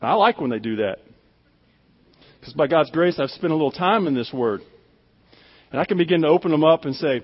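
A man's voice: on the high side, expressive, a little fast, long pauses, breathy edge, big-room sound, muffled recording. A pastor delivering a conversational, emphatic sermon, often repeating his words as he speaks.

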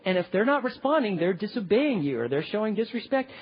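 A man teaching parenting in sermon style, animated, often checking in with "okay?". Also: high-pitched, fairly quick, hardly any pauses, breathy edge. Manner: animated, acts out parents and kids, keeps asking "okay?". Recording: dull, lo-fi hall with long reverb.

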